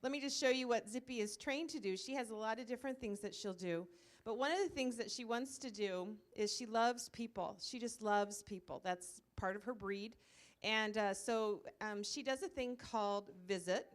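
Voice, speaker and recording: A woman's voice: on the high side, moderate pace. A woman leading a church ministry, telling a story to a group in a loose, chatty way, with many fillers. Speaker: church ministry leader presenting a comfort dog. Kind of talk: informal presentation to a church group. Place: church meeting room, live audience.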